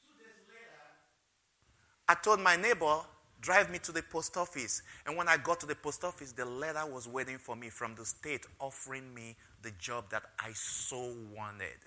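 A man preaching a sermon, telling a personal testimony with emotion and stressing key phrases loudly. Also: medium pitch, moderate pace. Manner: emotional storytelling, rising loud on key phrases. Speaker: pastor.

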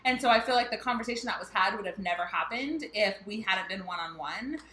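A woman's voice: mid-range voice, expressive, quick pace, bright, forceful tone, reverberant, rough recording. A woman in her thirties co-hosting a podcast, chatting casually and telling family stories with frequent laughter. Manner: chatty storyteller, laughs often. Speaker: podcast co-host. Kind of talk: casual chat.

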